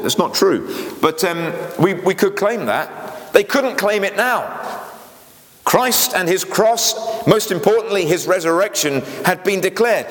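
A man preaching a sermon, earnest and emphatic, often breaking off into small asides and starting over. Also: a little high. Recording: echoey hall with long reverb.

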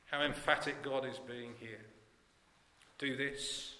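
Earnest preacher in an echoey hall. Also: male voice, medium pitch, steady tone, takes it slowly, long pauses. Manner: earnest, emphatic, trailing off softly at phrase ends. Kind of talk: sermon. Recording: echoey church hall with long reverb.

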